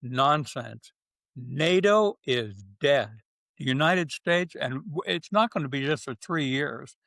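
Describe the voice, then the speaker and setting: A man's voice: medium pitch, animated, takes it slowly, vocal fry, fairly bright tone, no room sound. Blunt, emphatic older man, dry sound. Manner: blunt, emphatic, with short punchy phrases. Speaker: retired general, guest. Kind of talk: candid interview talk.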